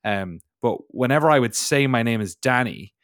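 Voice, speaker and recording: A man's voice: medium pitch, lively intonation, moderate pace, fairly bright tone, no room sound. Irish male co-host, playful banter, dry booth sound. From Ireland. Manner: joking, playful. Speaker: podcast co-host. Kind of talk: casual chat.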